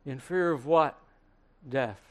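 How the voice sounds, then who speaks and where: An actor playing an aged male apostle, preaching a first-person dramatic sermon monologue in a slow, earnest way with dramatic pauses. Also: mid-range voice, close to an everyday voice. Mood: solemn. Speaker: preacher in character. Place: room with listeners.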